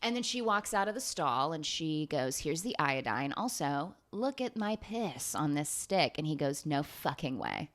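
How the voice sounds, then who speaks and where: A woman's voice: low-pitched, lively intonation, normal speed, few pauses, a bit bright. A woman in her late twenties doing a rambling, profane, self-mocking comedic monologue. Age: 20s. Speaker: comedian host.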